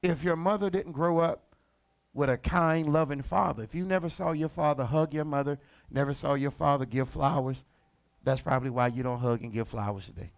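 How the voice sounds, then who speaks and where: A man preaching a sermon as lead pastor, colloquial and animated. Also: a little high, a little fast, gravelly. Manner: animated, colloquial, acts out characters.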